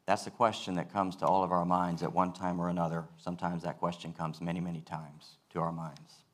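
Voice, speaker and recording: A male pastor giving a sermon, earnest and measured, repeating key phrases for weight. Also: deep voice, flat delivery.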